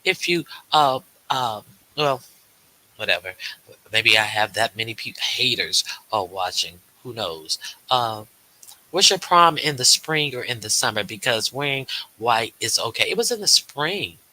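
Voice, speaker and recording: Bright, hesitant man rambling on a livestream. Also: mid-range voice, lively intonation, a little slow, rough recording. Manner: rambling, hesitant, many fillers and restarts; reads and answers viewer chat aloud. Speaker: livestream host. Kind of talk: casual livestream chat.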